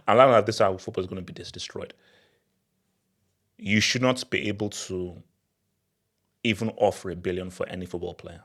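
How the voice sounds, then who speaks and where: A young man hosting a football channel, talking in an excitable, laughing rant. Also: low-pitched, moderate pace, pauses often. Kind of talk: animated football commentary vlog.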